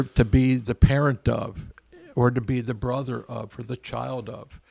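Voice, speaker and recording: Older man, gravelly and husky voice, rambling earnest storyteller, dry close sound. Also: medium pitch, level tone, measured pace, hardly any pauses, darkish tone, no echo. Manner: rambling, earnest, frequent restarts. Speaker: guest, veteran. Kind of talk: casual storytelling interview.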